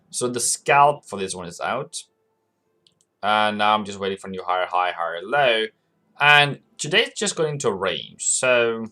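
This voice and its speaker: A man's voice: medium pitch, bright, forceful tone. Chatty man hosting a trading livestream. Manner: chatty, answers viewers by name, laughs often. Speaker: forex trading livestream host. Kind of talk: casual live-stream chat.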